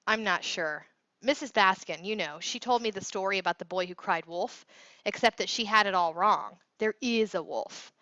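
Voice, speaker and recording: A woman's voice: mid-range voice, normal speed, pushed and bright, no echo, close to an everyday voice. A woman reading the lines of a worried, insistent teenage boy in an audiobook. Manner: earnest, insistent. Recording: dull dry recording.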